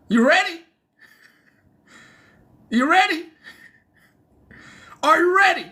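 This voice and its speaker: A man's voice: very high-pitched, animated, measured pace, pauses often, bright, forceful tone. A man hosting a comedic news show in a loose, rambling monologue, laughing at his own jokes.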